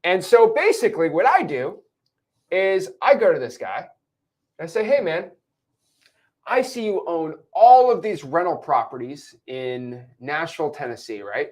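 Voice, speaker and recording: A young man teaching a real estate lesson at a whiteboard, animated, checking in with his listeners often and acting out characters in put-on voices. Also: a little high, a little slow. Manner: animated, explains with repeated check-ins.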